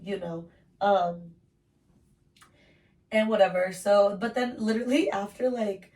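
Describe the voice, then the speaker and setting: A woman's voice: mid-range voice, steady tone, a little slow, a little mellow, distant mic. A young woman in her twenties telling her life story on a podcast in a casual, chatty way, full of "like" and casual swearing.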